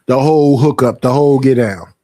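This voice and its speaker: A young man, streaming a casual, profane, animated rant about personal space and family gatherings. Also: mid-range voice, a little fast, no room sound, clean studio sound.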